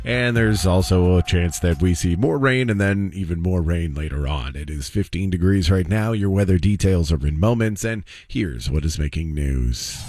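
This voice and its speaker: A man reading a radio news update in a steady, measured way. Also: fairly low pitch. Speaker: newsreader. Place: radio studio.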